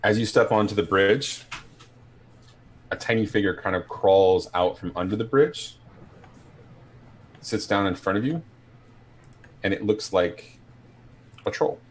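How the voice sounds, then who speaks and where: A man running a tabletop game as game master, describing scenes in an unhurried, descriptive way. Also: lowish voice, slight background noise.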